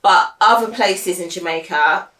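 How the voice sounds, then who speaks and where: A woman's voice: lowish voice, measured pace, bright, forceful tone. A woman with a London accent chatting casually and enthusiastically on a family vlog. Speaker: family vlogger. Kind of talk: casual chat. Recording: roomy sound from a distance to the mic.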